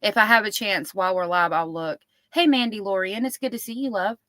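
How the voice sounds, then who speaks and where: A woman's voice: mid-range voice, brisk, sharp tone, no echo. A woman hosting a live stream, chatting casually and reading out viewer comments. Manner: chatty, reads viewer comments aloud, calls people love.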